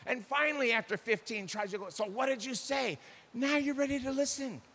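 A man's voice: very high-pitched, fairly quick, big-room sound. A man preaching a sermon about marriage, acting out arguments between spouses. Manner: animated, acts out quoted spouses. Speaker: pastor.

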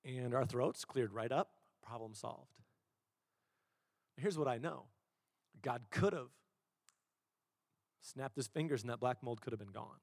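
A man preaching a sermon as a pastor, telling stories in an animated way and acting out the quotes. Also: mid-range voice, a little slow, vocal fry, long pauses, no echo, studio quality, big-room sound. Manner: animated storytelling, acts out quotes.

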